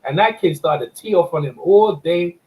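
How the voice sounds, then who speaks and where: A man hosting a casual chat, telling animated stories, laughing often and repeating words. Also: sits high, moderate pace, rough recording. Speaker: host and amateur boxing judge.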